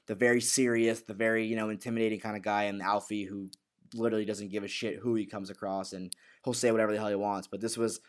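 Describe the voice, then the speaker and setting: A man's voice: on the low side, flat delivery, quick pace. A man co-hosting a casual recap chat, rambling and repeating words as he acts out quotes. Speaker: podcast co-host.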